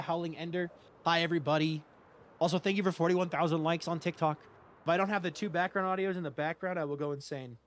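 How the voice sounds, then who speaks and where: A man's voice: a little high, fairly bright tone, a little hiss or hum. A man streaming a building game live, chatting casually and reading out and thanking viewers by name. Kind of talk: live gameplay stream chat.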